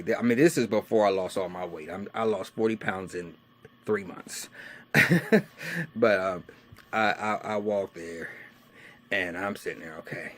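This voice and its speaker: A man with a fairly low voice tells his own life story as a loose, profanity-filled monologue. He drops to a near-whisper for some asides and bursts out loudly for others, with faint noise behind him. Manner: animated and profane, swinging from hushed asides to loud outbursts.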